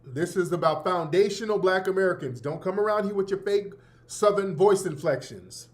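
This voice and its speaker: A brash, sarcastic man hosting a talk-radio show, with a fairly high speaking voice. He talks in loose slang and hammers his points by repeating them. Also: moderate pace. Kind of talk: opinionated talk-radio commentary.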